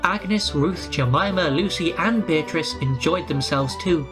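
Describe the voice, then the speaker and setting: A narrator reading a children's railway storybook aloud in a brisk, clear way. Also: mid-range voice, music in the background.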